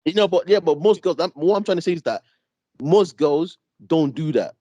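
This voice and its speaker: A man with a British accent telling a casual story on a podcast, animated, laughing, full of street slang. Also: a little high, moderate pace, no echo. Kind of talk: casual chat.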